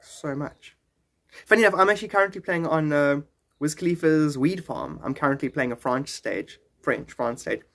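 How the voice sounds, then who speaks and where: A man's voice: a little high, animated, normal speed, creaky, a bit bright. A man talking casually on a live stream, rambling from one thought to the next. He answers and thanks his viewers as he goes. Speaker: livestreamer.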